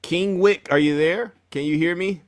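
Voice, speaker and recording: A man's voice: high voice, normal speed. A man hosting a casual livestream call-in show, teasing and bantering with callers.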